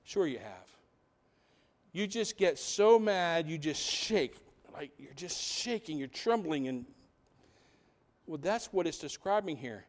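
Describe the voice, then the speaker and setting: A man preaching a sermon as pastor, animated, asking the congregation rhetorical questions and dropping into quiet asides. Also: a little high, slow.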